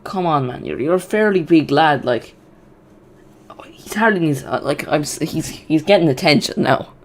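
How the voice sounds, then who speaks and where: A man hosts a live football watch-along with a slightly high, lively voice. He gets excitable and chatty and often restarts his sentences as he reacts to the match. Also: normal speed, slight background noise.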